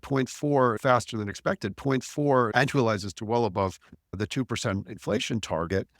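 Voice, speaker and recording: A man's voice: medium pitch, no echo, clean studio sound. A man speaking as a market strategist on a podcast, blunt and wry, with frequent restarts. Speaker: chief strategist.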